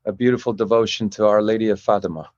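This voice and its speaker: A man's voice: on the low side, fairly even intonation, fast, a little mellow, dry recording, highs cut off. A middle-aged man being interviewed as a guest, rambling and restarting his sentences often.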